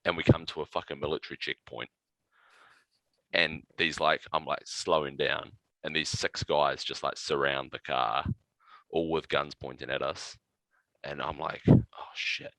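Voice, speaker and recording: Deep-voiced New man telling stories. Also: moderate pace, no room sound, rough recording. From New Zealand. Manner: animated anecdote-telling with profanity and laughs. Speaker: podcast guest. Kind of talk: casual storytelling.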